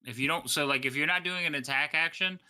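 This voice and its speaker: A man acting as game master in an online tabletop game, explaining rules quickly and laughing often. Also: fairly high pitch, sharp tone, clear, resonant tone.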